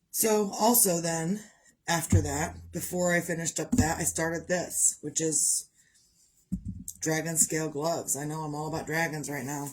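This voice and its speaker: This woman's voice sits low and sounds a little mellow, though the recording is low quality. Middle-aged and grieving as a mother, she vlogs about her crochet projects, rambling in a heartfelt, personal way as she talks through her loss.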